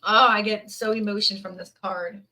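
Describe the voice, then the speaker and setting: A woman reads tarot cards for her viewers in a bright, clear voice. She speaks earnestly and emotionally, close to tears, and keeps repeating her words of encouragement. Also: mid-range voice, fairly even intonation, normal speed, low-quality recording. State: teary, near crying. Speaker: tarot reader. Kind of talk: live tarot reading to viewers.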